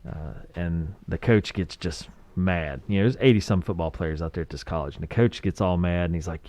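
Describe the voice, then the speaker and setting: A man's voice: low-pitched, fairly quick, hardly any pauses, darkish tone, dry recording, dull audio. A man in his forties from West Virginia, co-hosting a podcast and telling laid-back stories about a movie, often chuckling and acting out quotes. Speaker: podcast co-host. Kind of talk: casual movie review chat.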